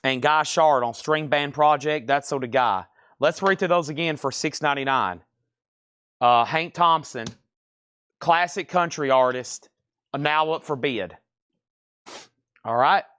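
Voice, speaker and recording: A man's voice: on the high side, a little slow, pauses often, fairly bright tone, clean tone, no room sound, clean studio sound. A man hosting a live record sale, chatting casually and thinking aloud as he sorts and prices albums. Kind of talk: casual live sales patter.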